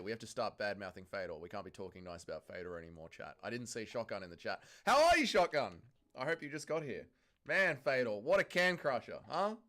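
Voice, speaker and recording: A man from Melbourne with an Australian accent, hosting a casual livestream and joking through viewer comments. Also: medium pitch. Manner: joking, crude, lively banter with chat. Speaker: livestream host.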